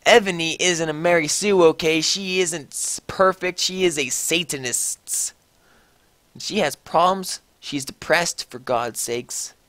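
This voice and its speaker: A man's voice: fairly high pitch, a little slow, no room sound. A young man giving a mocking dramatic reading of a story, full of sarcastic asides. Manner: sarcastic asides, shifting between flat and loud. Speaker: comedic reader.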